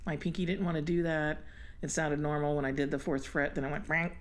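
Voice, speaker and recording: A woman co-hosting a casual podcast chat, talkative and quick to laugh, often putting on a high squeal to act out her own reactions. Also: steady tone. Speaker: podcast co-host.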